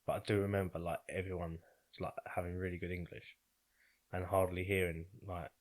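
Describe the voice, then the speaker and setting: A man's voice: deep voice, little pitch movement, brisk. A man co-hosting a podcast, musing aloud and unsure of his facts. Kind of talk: casual chat.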